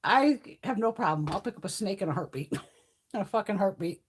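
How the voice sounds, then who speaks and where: A woman's voice: mid-range voice, lively intonation, a little fast, a little hiss or hum. A middle-aged woman hosting a beauty livestream, chatting casually with viewers and telling stories full of swearing and laughter. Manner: profane, laughing storyteller. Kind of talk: casual chat with live viewers.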